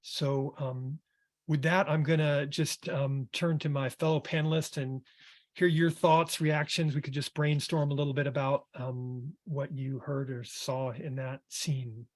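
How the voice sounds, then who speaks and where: A man in the role of a music therapist reads a passage from his book in a calm, reflective way. He then moves into relaxed panel talk, with a few hesitant fillers. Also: fairly high pitch, a little slow.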